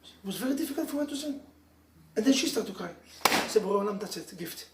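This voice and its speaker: Animated rabbi preaching in an echoey room. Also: male voice, high-pitched, fast talker, creaky, very noisy. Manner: animated storytelling with laughs and sudden loud emphasis. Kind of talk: sermon to a live audience. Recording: echoey room, mic from far off.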